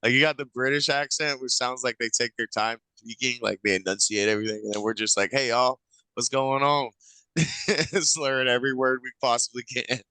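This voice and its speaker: A man's voice: medium pitch, a little fast, sharp tone, clear, resonant tone, dry recording, rough recording. A man chatting as a podcast guest, laid-back and laughing often. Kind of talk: casual chat.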